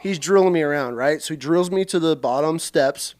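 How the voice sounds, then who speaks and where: A man hosting a casual podcast, telling lively stories and swearing freely as he acts out shouted quotes. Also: on the high side, fairly quick. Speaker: podcast host. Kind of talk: casual storytelling chat.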